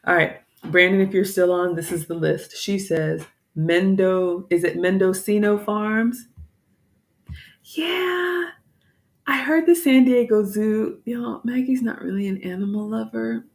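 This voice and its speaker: A woman's voice: medium pitch, moderate pace, gravelly, hardly any pauses. A woman from the American South chatting casually to viewers, tired, apologetic and a bit scattered. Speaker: vlogger, home cook. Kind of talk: casual live-stream chat.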